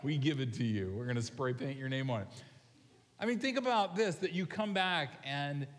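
A man's voice: a little high, normal speed. Conversational man preaching in a reverberant hall. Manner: animated, conversational, asks the congregation questions. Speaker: pastor. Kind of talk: sermon. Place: large church sanctuary. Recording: long reverb of a large hall.

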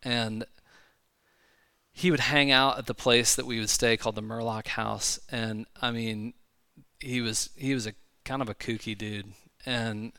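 A man preaching a sermon in a church, talking conversationally with frequent asides and quick restarts. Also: mid-range voice, sharp tone, clear, resonant tone, dry recording, studio quality. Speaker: pastor. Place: church sanctuary.

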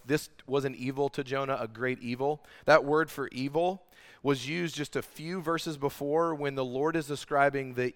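A man preaching a sermon in earnest, animated style, asking the room rhetorical questions. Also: fairly high pitch, clean tone. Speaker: pastor. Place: large room with congregation.

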